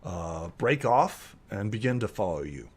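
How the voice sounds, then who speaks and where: A man narrating as game master in a casual online tabletop session, with lots of fillers and quick switches into character voices. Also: on the low side, sing-song, husky.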